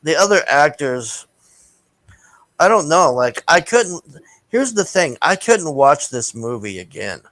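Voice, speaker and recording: A man's voice: a little high, big pitch swings, a little slow, a bit bright, no room sound, poor audio. A man giving a casual, rambling movie review, blunt and profane, with lots of fillers and restarts. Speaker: vlogger reviewing a film.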